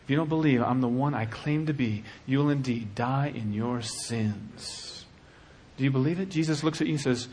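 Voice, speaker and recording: A man preaching a sermon with passion, dropping to a hush and then rising to shouting. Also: medium pitch, normal speed, a little hiss or hum. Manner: impassioned, swings from hushed to shouting.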